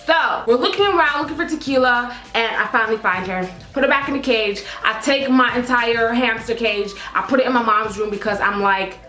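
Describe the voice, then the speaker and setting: A young woman, telling a dramatic storytime, sassy and animated. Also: on the high side, fairly quick, few pauses. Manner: sassy, dramatic, acts out quotes. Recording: roomy echo with faint music.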